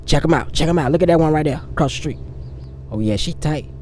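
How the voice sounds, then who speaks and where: A man voicing a streetwise older male boss at a work site, brash and teasing in a loud, raised voice. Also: on the high side, fast, slight background noise, voice pushed up, lightly acted.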